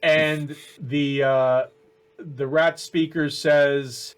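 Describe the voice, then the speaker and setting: A man narrating as game master of a tabletop game, in a halting way with many fillers. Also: a little high, steady tone, clear, resonant tone.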